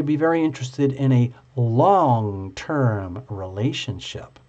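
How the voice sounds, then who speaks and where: A man hosting a live tarot stream, chatting with viewers in an excitable, gushing and playful way. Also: fairly high pitch. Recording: dull lo-fi stream audio.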